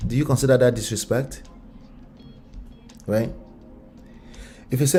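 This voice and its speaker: A man's voice: medium pitch, moderate pace, long pauses, mellow, faint music behind. A man with a Nigerian accent giving casual relationship commentary, firing off rhetorical questions.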